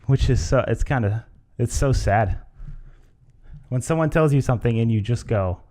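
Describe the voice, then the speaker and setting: A man's voice: mid-range voice, normal speed, dark tone. A man hosting a podcast alone, rambling casually and acting out different tones of voice. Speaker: podcast host. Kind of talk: casual solo podcast talk.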